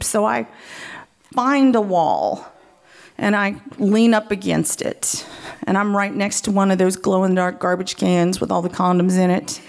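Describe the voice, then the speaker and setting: A woman's voice: mid-range voice, gravelly, darkish tone. A woman telling a frank personal story, candid and often laughing as she talks.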